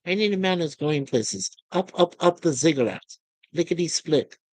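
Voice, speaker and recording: A man voicing a cool, dismissive young woman officer, talking in a brisk, offhand way. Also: on the high side, animated, no room sound, lightly acted.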